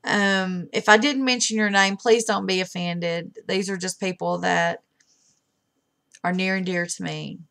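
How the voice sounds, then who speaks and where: A middle-aged woman speaks in a low voice with a gravelly edge. She says a heartfelt, halting goodbye to the friends she made online, pausing often as she fights back tears. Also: fairly even intonation, a bit bright. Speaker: webcam streamer. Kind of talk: emotional farewell message.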